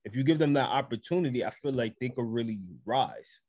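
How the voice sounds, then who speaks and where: A man's voice: mid-range voice, fairly quick, a little mellow, dry recording, clean studio sound. A man co-hosting a casual sports podcast, laid-back, laughing easily and repeating his points for emphasis. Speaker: podcast co-host.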